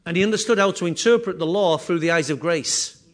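High-voiced man preaching a sermon. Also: brisk. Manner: earnest preaching with repeated phrases and restarts. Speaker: pastor.

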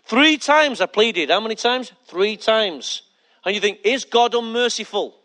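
High-voiced emphatic male pastor preaching. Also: sing-song, a little slow, sharp tone. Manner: emphatic, repeats key lines, asks the congregation questions. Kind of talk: sermon.

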